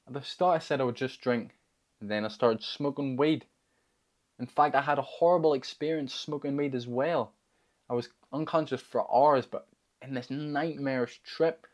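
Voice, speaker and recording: A young man telling a personal story in a candid, confessional way, blunt and full of swearing. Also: medium pitch. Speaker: self-help video host.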